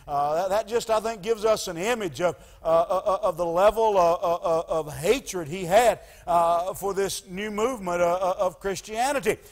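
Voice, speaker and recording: A pastor preaching in a high voice, halting often on 'uh' and restarting his phrases. His sermon rings with the long reverb of a church hall. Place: church sanctuary.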